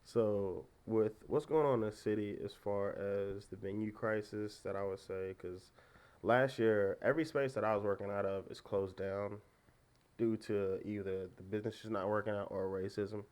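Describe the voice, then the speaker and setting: Animated young man telling stories. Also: on the low side, normal speed. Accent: American. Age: 20s. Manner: animated storytelling, swings loud and soft, laughs often. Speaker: podcast guest, DJ. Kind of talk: casual chat.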